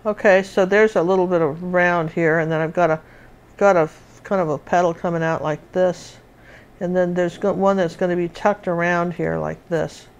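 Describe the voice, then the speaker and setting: A woman's voice: fairly low pitch, fairly even intonation, normal speed, clear, resonant tone, lo-fi sound. A woman teaching a live painting lesson, chatting and thinking aloud as she works.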